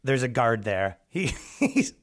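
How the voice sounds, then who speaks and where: A man's voice: medium pitch, sing-song, slow pace. A young man hosting a podcast, rambling through comedic stories with laughs and restarts. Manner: rambling, laughing, frequent restarts and acted quotes. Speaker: podcast host. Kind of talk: comedic storytelling monologue.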